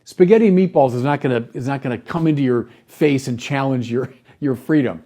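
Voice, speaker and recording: A man's voice: medium pitch, a little fast, dark tone. An older man, a bishop, talking animatedly and emphatically in a podcast conversation, acting out imagined voices in mock quotes.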